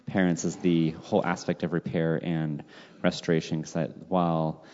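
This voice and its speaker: Young adult son, very low voice, earnest; muffled, echoing track. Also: male voice, flat delivery, normal speed, dark tone. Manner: earnest and grateful. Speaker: adult son and podcast guest. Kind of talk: casual conversation. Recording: dull recording with long reverb.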